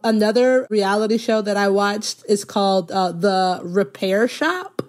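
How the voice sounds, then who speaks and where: A woman comedy writer chatting casually, telling stories in an animated way and acting out what people said. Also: mid-range voice, a little slow. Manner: animated storytelling, acts out quoted people. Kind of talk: casual chat.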